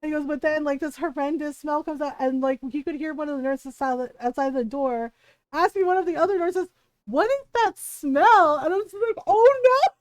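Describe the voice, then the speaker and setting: A woman streamer chatting casually while gaming. She tells an animated story full of "like" and acted-out quotes. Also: high-pitched, fast, no echo.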